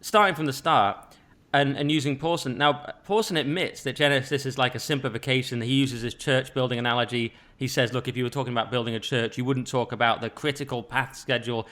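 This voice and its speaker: A man hosting a podcast, talking casually and rambling a little with quick asides and restarts. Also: medium pitch, steady tone, a bit bright. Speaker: podcast host.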